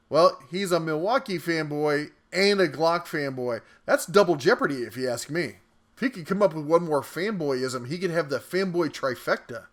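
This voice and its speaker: A man's voice: a little high, lively intonation, moderate pace, fairly bright tone. A man hosting a tool channel, reading mean viewer comments aloud with playful, jokey delivery. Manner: playful and jokey, chuckles between lines.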